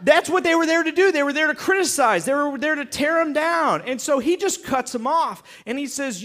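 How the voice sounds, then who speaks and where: A man's voice: extremely high pitch, animated, moderate pace, few pauses, a bit bright. A male pastor preaching a sermon, telling the story with jokes and acted-out asides.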